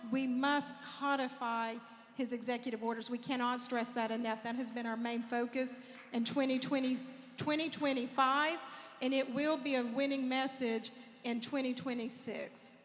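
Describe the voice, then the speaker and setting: A woman's voice: high voice, fairly even intonation, moderate pace. A woman speaking as a panelist, firm and emphatic. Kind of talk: convention panel talk. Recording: hall reverb with faint noise.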